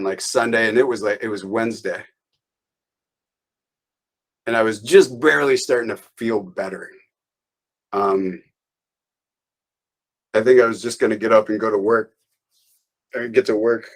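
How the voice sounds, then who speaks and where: A man's voice: mid-range voice, fairly bright tone, poor audio. A man being interviewed, telling a long story in a loose, rambling way with restarts and small laughs. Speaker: interview guest.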